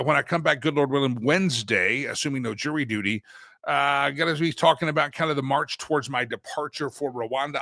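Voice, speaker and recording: A man's voice: on the high side, sharp tone, no room sound, clean studio sound. A male host giving a casual talk-show monologue, joking and laughing at his own gags, now and then chanting a recurring segment line in a sing-song.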